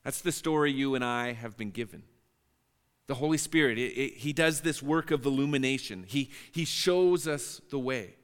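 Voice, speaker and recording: A man's voice: mid-range voice, normal speed, clean tone, big-room sound. A man preaching a sermon as pastor, earnest and prone to repeating words as he restarts phrases.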